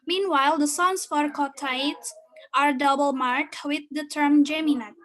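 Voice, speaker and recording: Female student presenter, high pitch, steady read of lecture notes. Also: unhurried, low-quality recording. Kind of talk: reading a class presentation.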